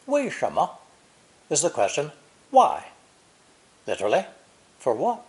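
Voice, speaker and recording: A man narrating a recorded language lesson, explaining slowly and deliberately, with example sentences read in Chinese. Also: fairly high pitch, wildly swooping pitch. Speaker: language teacher.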